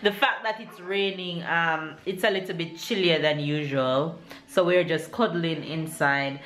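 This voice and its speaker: A woman's voice: deep voice, a little slow, very noisy. A woman with a Jamaican accent chatting casually to her vlog audience from home, upbeat and motivating, laughing often. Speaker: vlogger and mother. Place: indoors at home. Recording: roomy echo.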